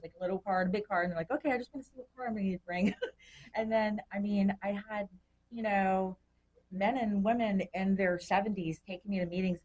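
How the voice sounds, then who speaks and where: A woman guest on a recovery podcast, telling her story in a chatty, animated way and acting out the voices of people she quotes. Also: on the low side, lo-fi sound. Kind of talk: personal storytelling.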